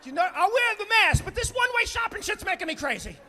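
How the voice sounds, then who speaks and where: A man doing a brash, profane stand-up comedy set, telling stories and acting out quotes with loud punchlines. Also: extremely high pitch, sing-song, fast talker, slight background noise. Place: comedy stage with a live audience.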